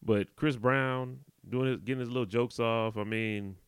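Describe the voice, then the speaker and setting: A man's voice: medium pitch, steady tone, measured pace, smooth, no room sound, clean studio sound. A man co-hosting a podcast, chatting casually and laid-back, often checking in with his partner. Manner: laid-back, conversational, often asks "you know what I'm talking about". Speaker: podcast co-host.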